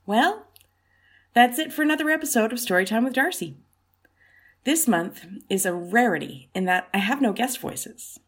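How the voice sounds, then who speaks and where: Soft-spoken, breathy woman storyteller. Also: on the high side, animated, moderate pace. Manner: soft, often whispered reading. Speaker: podcast host and storyteller. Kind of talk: storybook narration.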